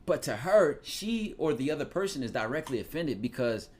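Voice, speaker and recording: A podcast host from Philadelphia, USA, with a fairly high voice and a local accent, gives casual advice at a moderate pace. His talk is loose, slangy and profane, full of animated storytelling, with slight background noise.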